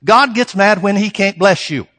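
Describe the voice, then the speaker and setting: A man preaching a sermon, reading scripture slowly and pressing his points with rhetorical questions to the congregation. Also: sits high, a bit bright, in a large hall. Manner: reads scripture slowly and deliberately.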